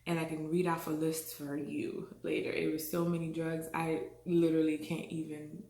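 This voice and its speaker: A woman from the Caribbean tells her own story in a candid, expressive way. Her voice sits fairly low, and she often breaks into laughter. The recording picks up a roomy echo. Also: normal speed. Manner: frank and expressive, laughs often, acts out what people said. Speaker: vlogger. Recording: echoey room.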